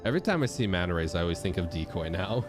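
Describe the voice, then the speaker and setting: A young man chatting casually as he streams a game, thanking subscribers and reacting out loud. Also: sits low, fast talker. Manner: animated, chatty, shouts out subscribers. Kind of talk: casual gameplay commentary. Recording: game music playing behind.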